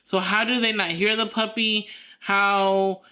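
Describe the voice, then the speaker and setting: Bright, sharp-toned woman co-host chatting loosely, full of fillers and restarts. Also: medium pitch, flat delivery, measured pace. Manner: rambling storyteller with many fillers. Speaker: podcast co-host. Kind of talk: casual chat.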